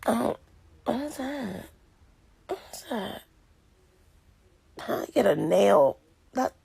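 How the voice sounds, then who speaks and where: A woman's voice: medium pitch, big pitch swings, takes it slowly, gravelly, a little mellow, breathy edge. A tired woman chatting to her camera in a sleepy, half-whispered voice, talking to herself about her schedule. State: sleepy, yawning. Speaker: vlogger. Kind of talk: casual chat to camera.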